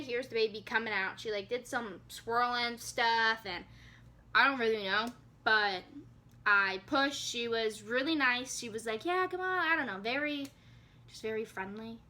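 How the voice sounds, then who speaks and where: Bright-voiced young woman, candid and chatty. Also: a little high. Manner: candid, chatty, swears freely; animated, acts out her own quoted reactions. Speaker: new mother telling her birth story. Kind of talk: casual storytelling vlog.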